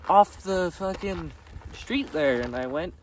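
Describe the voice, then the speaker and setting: A man vlogging outdoors on a gravel road, casually recapping his day with frequent laughter and easy swearing. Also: sits high, expressive, slow pace. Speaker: vlogger dressed as a jester. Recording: distant mic with faint outdoor noise.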